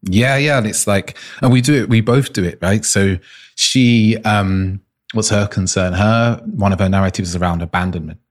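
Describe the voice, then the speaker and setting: A man's voice: fairly low pitch, moderate pace. A man being interviewed as an intimacy coach, telling personal stories earnestly and restarting often. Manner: earnest, searching, frequent restarts.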